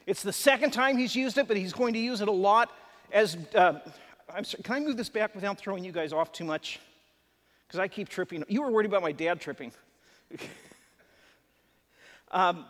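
A man's voice: high voice, fairly bright tone. A man preaching a sermon to a live congregation, conversational and emphatic, with chatty asides. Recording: long hall reverb.

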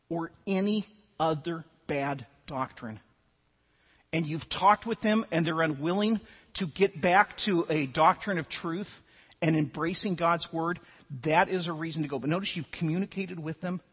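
A man's voice: sits high, slightly rough, big-room sound, highs cut off. A man preaching a sermon, telling stories and often repeating words as he starts sentences. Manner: animated storytelling, repeats words when starting. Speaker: pastor.

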